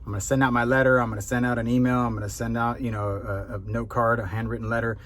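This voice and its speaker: A man's voice: mid-range voice, quick pace, a little hiss or hum. A middle-aged man with a mid-range voice who talks like a coach telling a story to friends. He acts out the quotes and jokes at his own expense. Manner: animated, self-mocking storyteller acting out quotes. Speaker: real estate sales trainer and coach. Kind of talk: casual storytelling lesson.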